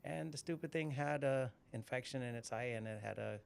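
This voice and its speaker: A man's voice: medium pitch, a little fast, gravelly, clear, resonant tone. A middle-aged man hosting a live interview, chatting casually and telling stories, often repeating words as he goes. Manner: rambling, repeats words, storytelling. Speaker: podcast host.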